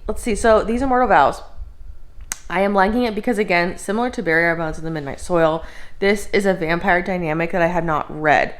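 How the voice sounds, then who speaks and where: Young woman, book vlogger, casual chatty delivery, lowish pitch, filler-heavy. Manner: chatty, peppered with "like" and "um". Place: at home indoors.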